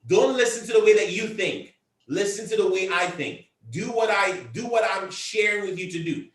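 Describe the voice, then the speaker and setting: Far from the mic in an echoey room, a man with a high, fairly bright voice speaks at moderate pace. He's a team leader rallying a convention call, emphatic and repetitive, often getting louder to press his points.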